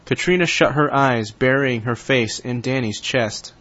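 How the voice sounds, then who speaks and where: A man reading his own short story aloud in steady narration. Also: medium pitch, measured pace, lo-fi sound. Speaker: story contributor.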